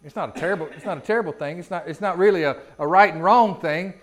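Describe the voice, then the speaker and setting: A man's voice: sits high, quick pace. A man, a pastor giving a sermon in a folksy style with rhetorical questions.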